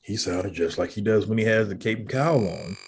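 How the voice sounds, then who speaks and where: A man co-hosting a podcast, speaking in a relaxed, conversational way about a movie. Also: fairly low pitch, brisk, noisy background. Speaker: podcast co-host. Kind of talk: casual movie review chat.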